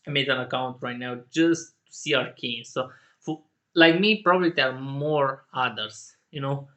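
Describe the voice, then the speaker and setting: A man in a casual solo rant who laughs often, swears, and jumps to indignant shouting. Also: medium pitch. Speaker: channel host.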